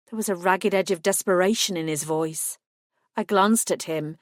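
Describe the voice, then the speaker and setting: A woman's voice: lowish voice, moderate pace, dry recording, clean studio sound. A woman reading a first-person audiobook in a scripted narration style, voicing each character with small shifts.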